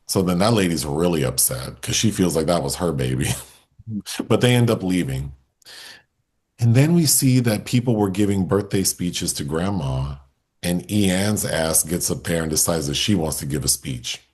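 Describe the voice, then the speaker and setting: A man co-hosting a film review podcast, relaxed as he recounts a plot step by step in casual conversation. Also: low-pitched, normal speed, breathy edge.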